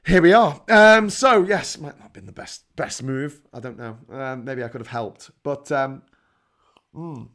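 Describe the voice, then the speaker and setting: A man's voice: medium pitch, a little slow, creaky. A man with a Liverpool accent, hosting a casual monologue, rambling through stories with restarts and mild swearing. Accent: Liverpool English. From England. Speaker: host.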